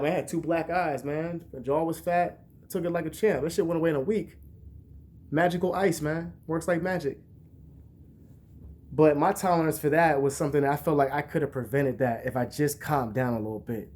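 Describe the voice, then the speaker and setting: A young man vlogging, talking in a casual, profane, rambling way and telling stories with animated bursts. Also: a little high, brisk. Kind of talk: casual monologue to camera.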